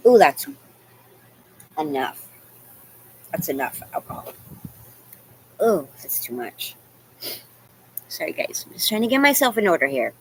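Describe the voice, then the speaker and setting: Speaking in a low, sing-song voice, unhurried and with long pauses, a woman vlogger rambles to camera while venting. She's tearful at times, self-deprecating, and says "you know" a lot. There's a little hiss or hum.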